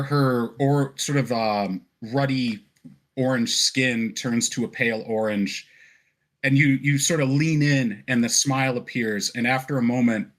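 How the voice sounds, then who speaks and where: A man narrating a tabletop game as game master, relaxed and descriptive, with frequent fillers and laughs. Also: medium pitch.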